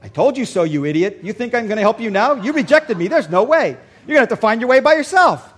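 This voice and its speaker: A man's voice: very high voice, sing-song, fast talker, fairly bright tone, exaggerated voice. A man voicing a female car navigation voice who scolds the driver sarcastically. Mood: scolding.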